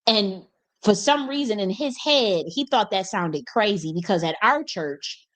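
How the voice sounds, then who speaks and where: A young woman hosting a casual storytelling monologue, animated and colloquial, laughing often and swearing freely. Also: mid-range voice, unhurried. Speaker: host.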